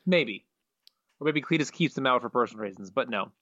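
A man's voice: medium pitch, animated, a little fast, bright, forceful tone, dry recording. A man co-hosting a podcast in casual chat, recapping steadily with frequent "uh"s, on a dull lo-fi mic. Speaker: podcast co-host.

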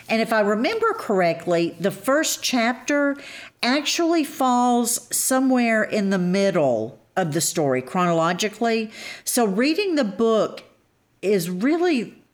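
A woman co-hosting a casual book chat, measured and thoughtful, gently teasing. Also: mid-range voice. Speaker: co-host.

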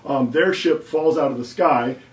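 A man running a tabletop role-playing game as game master, explaining rules and slowing down to narrate scenes vividly. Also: a little high, distant mic. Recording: roomy, a little off-mic, faint background hum.

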